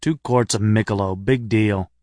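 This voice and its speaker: A man's voice: on the low side, normal speed, a little mellow, no echo, clean studio sound, close to an everyday voice. A man voicing a breezy, restless hiking buddy. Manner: breezy, offhand, jokey. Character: cheerful, restless middle-aged male hiking buddy.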